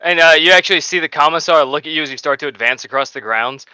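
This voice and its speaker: A man runs a tabletop game, narrating in a loose, rambling manner. His voice sits slightly high and very bright, and clear in a dry room. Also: fast, no room sound. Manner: casual, rambling with fillers. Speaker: game master.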